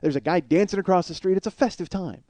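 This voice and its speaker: A man in his forties, a comedian host, telling a long story in a blunt, profane, animated way. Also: sits high, fast talker, background noise. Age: 40s.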